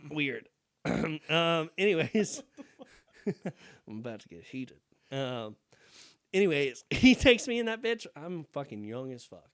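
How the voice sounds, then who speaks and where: A man's voice: a little high, measured pace, long pauses, clear, resonant tone. A young man co-hosting a podcast, telling stories in a casual, profane, laughing way. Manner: animated, profane, laughing storyteller. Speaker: podcast co-host. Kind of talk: casual chat, storytelling.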